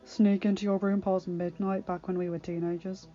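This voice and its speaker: Woman reader doing a young prince husband, deadpan and teasing, dull audio, soft music behind. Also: medium pitch, normal speed, lightly acted.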